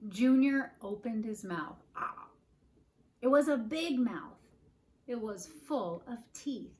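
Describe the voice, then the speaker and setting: A woman, a preschool teacher, reading a children's picture book aloud in a playful, animated way and asking the listeners questions. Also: a little high, slow. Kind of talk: children's storybook read-aloud. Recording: faint background noise. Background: dog barking now and then.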